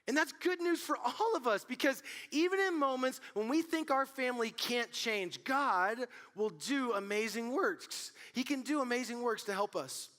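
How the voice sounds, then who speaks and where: A young man preaches to a youth group in a loose, chatty way, full of little fillers. His voice sits high and sounds bright and forceful. He tells stories with animated energy. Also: normal speed, hardly any pauses. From Colorado. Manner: casual, animated storytelling with many fillers. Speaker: youth pastor. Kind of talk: youth sermon.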